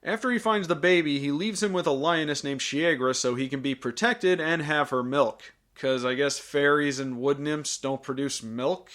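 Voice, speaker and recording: A man's voice: on the high side, normal speed, hardly any pauses, a bit bright. A man hosting a scripted film review with sarcastic, jokey asides.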